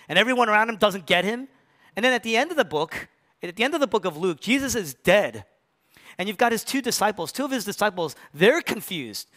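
Lively, bright-voiced man preaching a sermon. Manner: animated, swings from loud rises to hushed low lines. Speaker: pastor. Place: church.

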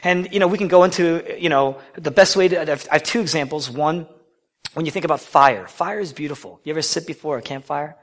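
A man preaching a sermon in a conversational way, asking the listeners questions and swinging from loud declarations down to hushed whispers. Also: fairly high pitch, fairly quick.

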